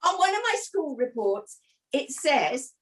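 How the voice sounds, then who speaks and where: A woman's voice: high-pitched, sing-song, a little slow. An older woman from England, bragging playfully and giggling on a video call. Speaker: host's mother, co-host.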